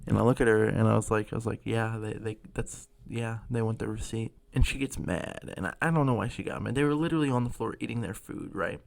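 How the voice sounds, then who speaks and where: A man's voice: medium pitch, fast, creaky, few pauses, dry recording. A young man telling a sarcastic, profane comedy story about customers at his food service job.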